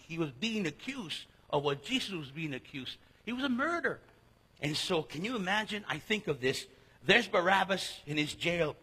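Male preacher, high bright voice, a bit husky, lively storytelling, long hall reverb. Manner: animated storytelling with jokes and asides. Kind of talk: sermon with Bible teaching.

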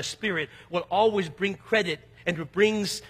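A high, husky-voiced preacher man. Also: big-room sound. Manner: swings between quiet, low passages and loud, emphatic outbursts; slows down to read scripture aloud. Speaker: pastor. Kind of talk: sermon.

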